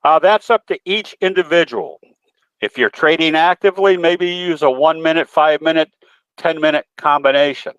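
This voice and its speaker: A guest presenter, a trading educator, speaks in a webinar in a fairly high, fairly bright and smooth voice at a moderate pace, with a dry recording and dull audio. He shares a folksy anecdote in a rambling, down-home way, filling his talk with many filler sounds.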